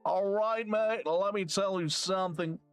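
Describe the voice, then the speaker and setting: A man's voice: high voice, moderate pace, fairly bright tone, clean tone, no echo, faint music behind, voice pushed up. A man doing a foul-mouthed mock Aussie bloke. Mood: aggressive. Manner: swearing, threatening, blustering. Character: crude, hot-headed mock Australian bloke.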